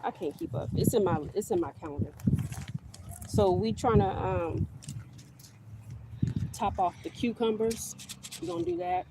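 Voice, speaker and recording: A middle-aged woman hosts a casual livestream from her garden, chatting and rambling to viewers on a phone she holds close. Her mid-range voice moves a little slowly with long pauses, and there's heavy noise in the background.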